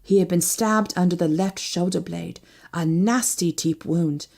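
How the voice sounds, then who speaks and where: A woman's voice: a little slow, vocal fry. A woman narrating a first-person novel as an audiobook, reading expressively. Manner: expressive, shifting pitch with each character.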